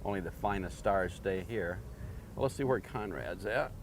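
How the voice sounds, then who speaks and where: A man making sardonic, deadpan asides to the camera. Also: low-pitched, moderate pace, noisy background. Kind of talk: talking to camera.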